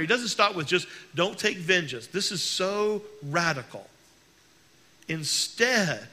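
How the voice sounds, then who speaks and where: A male pastor preaching a sermon in an earnest way, slowing down to stress key words. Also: high voice, sharp tone.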